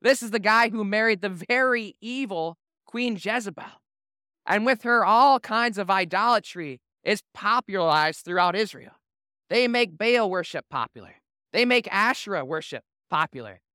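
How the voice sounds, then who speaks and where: A male pastor with a bright, crisp voice, telling Bible stories in a loose, joking sermon style. The sound is dry and close. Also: high-pitched, expressive, normal speed, no room sound. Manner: casual, humorous storytelling.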